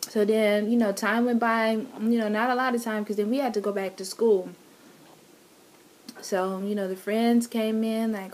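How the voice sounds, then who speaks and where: A woman's voice: on the high side, flat delivery, normal speed, darkish tone. A woman vlogger casually telling her love story, teasing and laughing with her partner.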